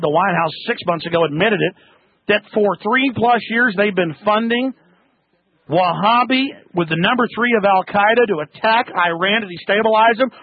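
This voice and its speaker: A furious male radio host with a gravelly, husky voice pitched very high. He berates callers in a rapid, shouting tirade. The sound is dry and narrow, like a radio broadcast heard down a phone line. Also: no room sound. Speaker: radio talk show host. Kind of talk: ranting political talk radio.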